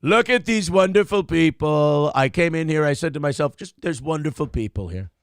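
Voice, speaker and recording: A man putting on an impression of a brash older male politician who flatters everyone and repeats each phrase back. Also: fairly high pitch, normal speed, smooth, dry recording, studio quality. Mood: flattering.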